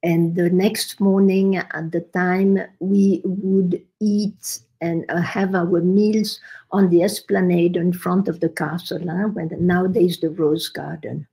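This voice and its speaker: Older woman, dark mellow tone, gravelly, animated storytelling. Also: fairly low pitch, slow pace, rough recording. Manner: animated storyteller, quotes others with rising emphasis. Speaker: podcast guest. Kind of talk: storytelling in conversation.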